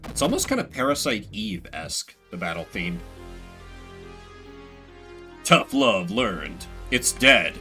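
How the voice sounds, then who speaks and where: Over faint game music, a man with a lowish, sharp-toned voice streams a horror game. He talks his way through it with chatty, self-mocking let's-play commentary.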